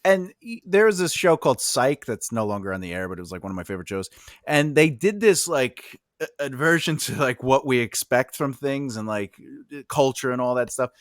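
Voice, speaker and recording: A man's voice: mid-range voice, a little fast, dry recording. Chatty podcast host man, dry sound. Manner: animated storyteller, many fillers and restarts, jokey. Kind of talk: casual podcast conversation.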